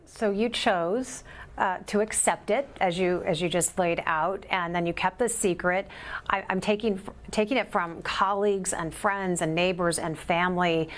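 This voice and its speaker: A woman host with a lower voice interviews her guest. She asks gentle questions and often pauses to find her words. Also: steady tone. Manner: gentle, halting questions with fillers. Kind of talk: interviewing on a medical show.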